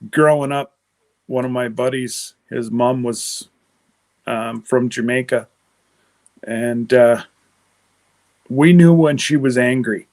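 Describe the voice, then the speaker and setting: A man's voice: mid-range voice, fairly even intonation, takes it slowly, long pauses, a little mellow. A man from Canada hosting a livestream, chatting casually and rambling while answering viewer comments. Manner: rambling, answers live chat comments aloud. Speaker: livestream host.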